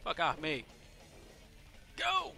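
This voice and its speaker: Excitable, bright-voiced man playing a game. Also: fairly high pitch, very slow, vocal fry, soft background music. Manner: excitable, swearing, yelling at the game. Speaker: gameplay commentator. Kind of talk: let's play commentary.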